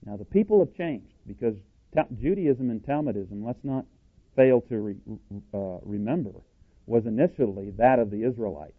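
A man preaching a sermon, speaking emphatically and slowing down to read out quotations. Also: medium pitch, expressive. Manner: emphatic, slows down to read quotes. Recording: tinny phone-like audio.

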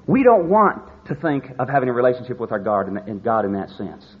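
A man preaching a sermon, stressing key words and slowing down to drive his points home. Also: mid-range voice, sing-song. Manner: emphatic, slows down to stress words. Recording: slightly dull lo-fi recording with faint noise.

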